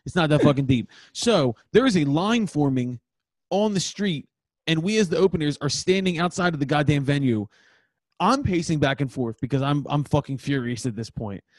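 A man's voice: on the high side, moderate pace, dry recording. Fired-up swearing man telling a story. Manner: heavy swearing, heated and animated storytelling. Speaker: podcast co-host, touring musician. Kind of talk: casual chat, storytelling.

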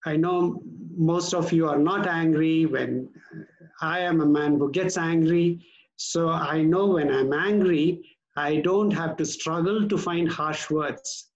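Slow, earnest male pastor preaching. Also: a little high, dull audio. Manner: measured, earnest preaching with slow emphatic stresses. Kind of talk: sermon.

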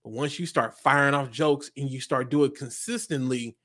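A man's voice: mid-range voice, normal speed, no echo. A man, a comedian, chatting in an interview and telling stories, acting out the voices in his jokes. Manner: animated storyteller acting out joke voices. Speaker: comedian guest. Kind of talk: casual interview chat.

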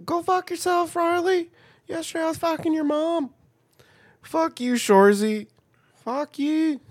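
Brief: shrill, crude hockey trash-talker, young guy, put on by a man. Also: a little slow. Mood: taunting. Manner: crude taunting insults.

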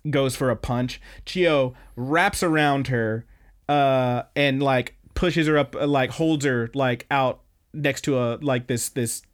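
A young male podcast host talking through anime episodes in a loose, chatty way, full of fillers and casual swearing. His voice sits at an ordinary middle pitch. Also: slow. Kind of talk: casual anime recap chat.

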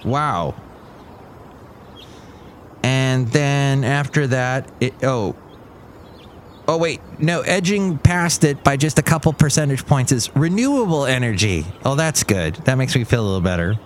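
A man hosting his own show in an easygoing, rambling monologue. He thinks aloud and drifts from one thought to the next. His voice sits at an ordinary middle pitch. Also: animated, a little slow, a little hiss or hum. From California. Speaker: host.

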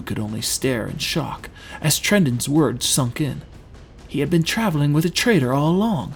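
A man narrating a fantasy audiobook in an expressive storytelling manner. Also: on the high side, normal speed, creaky, husky, faint music behind.

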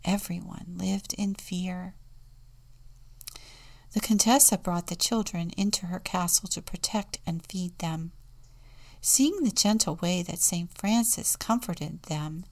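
A woman deacon reading a children's storybook aloud in a slow, soft, often hushed manner. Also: fairly low pitch.

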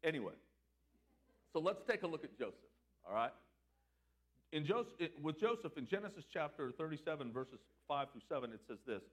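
A pastor preaching with a high, tenor-like voice that leaps around in pitch. He punches his big lines hard, then drops low and soft when he turns to prayer. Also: very animated, fairly quick, long pauses, slightly rough. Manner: preaching with big swings between loud emphasis and quiet prayer. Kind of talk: sermon.

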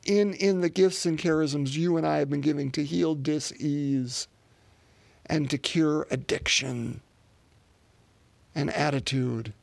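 A man's voice: a little high, creaky, a little mellow, no room sound. A man preaching a sermon off the cuff, with plenty of fillers and restarts. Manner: unscripted, many fillers and restarts.

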